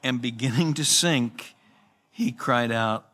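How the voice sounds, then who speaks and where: A man's voice: mid-range voice, measured pace, pushed and bright. A pastor preaching a sermon in an earnest, conversational way, with emphatic rises in his voice. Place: church.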